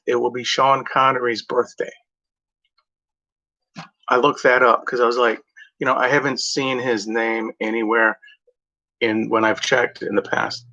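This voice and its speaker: Man, casual rambling chat, tense bright voice, self-correcting, muffled home recording. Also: medium pitch. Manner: meandering, full of "like" and "you know", self-correcting. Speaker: vlogger.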